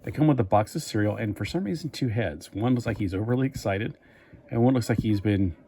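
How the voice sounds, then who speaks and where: Low-voiced man rambling about toys. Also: fairly quick, warm tone, slight background noise. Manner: rambling, chatty, thinking aloud. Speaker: toy reviewer. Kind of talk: casual toy review vlog.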